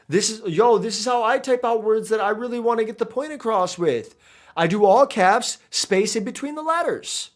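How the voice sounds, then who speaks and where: A man's voice: high-pitched, moderate pace. A man giving casual, rambling commentary while streaming a game, chatty and self-interrupting, into a desk mic.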